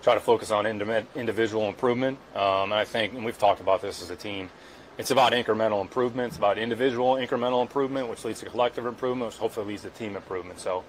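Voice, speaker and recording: A man speaking as a team general manager at a press conference, with measured, guarded answers built on repeated stock phrases. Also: fairly low pitch, a little hiss or hum, poor audio.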